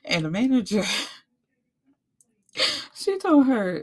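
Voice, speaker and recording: Woman gushing and ranting about a book plot, aave, slightly low voice, swears a lot. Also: a little slow. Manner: animated storytelling, acts out characters, swears freely. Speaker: book reviewer. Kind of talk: casual book recap.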